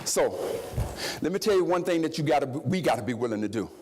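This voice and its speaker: A middle-aged man from Mississippi, giving an impassioned keynote speech, preacher-like, swinging from shouts to low confiding tones. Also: lively intonation, quick pace, breathy edge, some chatter behind. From Jackson, Mississippi, US. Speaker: keynote speaker.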